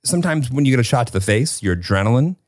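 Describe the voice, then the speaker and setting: A man's voice: mid-range voice, fast. A man in his late twenties hosting a casual podcast chat, telling stories with acted-out quotes and casual swearing. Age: late 20s. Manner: animated storyteller, swears casually, acts out quotes. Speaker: podcast host.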